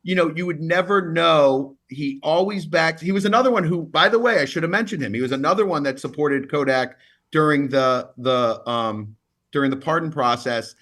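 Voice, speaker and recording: A man, a lawyer, telling stories in a relaxed interview, chatty and full of repeated words. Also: on the high side. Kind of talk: casual interview storytelling.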